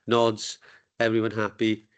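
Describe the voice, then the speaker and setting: This man's fairly low, monotone voice is smooth and a little slow as he chairs a council committee meeting with casual humor. A desk microphone in a meeting room picks him up.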